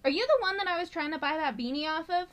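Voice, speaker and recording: A woman's voice: very high voice, fast, a bit bright, voice pushed up. A woman voicing a pushy, cheeky male prison inmate in a story she is telling. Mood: wheedling.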